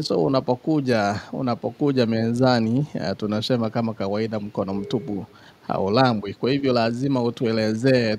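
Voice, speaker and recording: A man giving deliberate political commentary over a remote call, switching between Swahili and English. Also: on the low side, darkish tone. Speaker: guest commentator.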